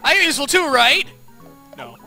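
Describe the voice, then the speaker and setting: A man's voice: extremely high pitch, huge pitch swings, brisk, bright, forceful tone, faint music behind, heavily acted. A man voicing a jealous, sulky character in a video game, grumbling and snippy.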